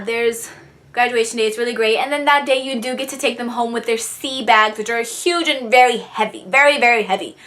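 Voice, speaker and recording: A woman's voice: a little high, a bit bright. A young woman vlogging in a casual, chatty way, laughing now and then and getting teary as she talks about her brother. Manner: chatty, giggly, tearing up while reading a letter. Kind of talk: casual chat to camera.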